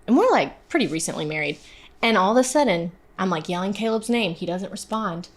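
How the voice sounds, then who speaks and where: Young actress, guest on a talk show; lively, self-deprecating storyteller who drops her voice low for the big moments. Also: fairly quick. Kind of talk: animated storytelling in casual chat.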